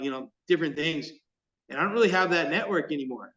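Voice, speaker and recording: A man's voice: a little high, fast talker, recorded from a distance, lo-fi sound. A man who makes fishing lures, telling stories in a casual chat and acting out the quoted exchanges. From California. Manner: animated, acts out quoted exchanges. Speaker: lure maker, podcast guest.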